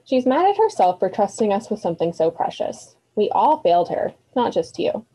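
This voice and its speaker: Brisk older woman mentor, read aloud by a woman, mellow and a bit breathy, lo-fi. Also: medium pitch, big pitch swings. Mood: reassuring. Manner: brisk, commanding.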